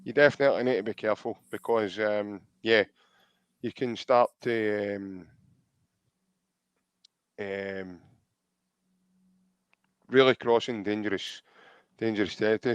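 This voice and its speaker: A man's voice: fairly low pitch, measured pace, long pauses, clean tone, dry recording. A man with a Scottish accent hosting a podcast in casual chat, reading out viewer comments and calling his co-host mate. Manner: chatty, calls co-host mate.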